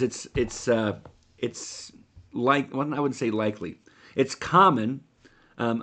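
A man preaching a sermon as a pastor, speaking earnestly and directly to his listeners, with occasional restarts. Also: medium pitch.

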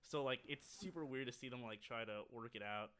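A man's voice: mid-range voice, fairly bright tone, a little hiss or hum. Rambling young man on a casual podcast. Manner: rambling, filler-heavy, quick bursts of laughter. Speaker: podcast co-host. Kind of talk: casual chat.

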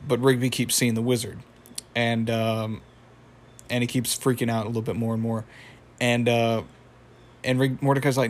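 A man's voice: medium pitch, little pitch movement, normal speed, long pauses. A young man casually recapping a cartoon episode, rambling with lots of fillers and chuckling at the story. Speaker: show recapper.

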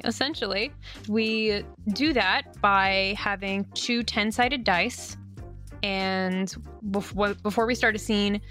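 Woman co-host, upbeat and profane, bright voice, faint music under her, casual rules chat. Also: medium pitch. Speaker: co-host and game runner.

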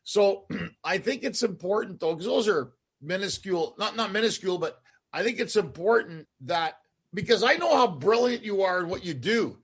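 Husky high-voiced man from Canada. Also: moderate pace. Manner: rambling, animated, trails off and restarts. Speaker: podcast host. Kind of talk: casual chat.

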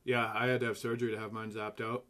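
A man's voice: fairly low pitch, little pitch movement, quick pace, a bit bright. A man in his thirties hosting a casual podcast, telling crude stories bluntly and laughing as he goes. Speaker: podcast host.

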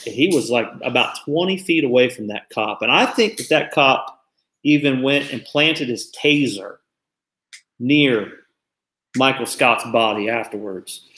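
A man's voice: mid-range voice, expressive, unhurried, bright, forceful tone. Guy in his 40s hosting a talk show, earnest and reflective, echoey room. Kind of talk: casual talk show commentary.

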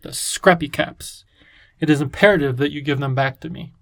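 A kindly, courteous old professor who talks gently and with measured politeness, as a man reads him. His voice is a touch high. The sound is dry and close. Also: creaky, no echo. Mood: gentle.

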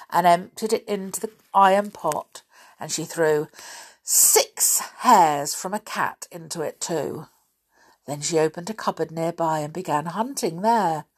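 A woman storyteller reads a children's tale with a lively, expressive voice. She takes her time, speaking slowly and leaning into each turn. Now and then she turns to the listener with an aside. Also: fairly low pitch.

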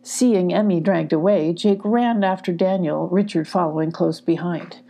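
A woman reading a children's storybook aloud in a calm, even narrating manner. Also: fairly low pitch, normal speed. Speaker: audiobook reader.

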